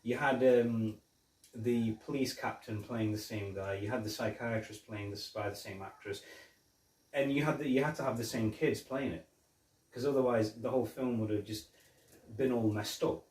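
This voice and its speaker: A man's voice: medium pitch, normal speed, a little mellow, distant mic. Guy rambling through movie scenes, roomy echo, sitting back from the mic. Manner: chatty, retells scenes with lots of restarts. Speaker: podcast host. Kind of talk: casual film review chat.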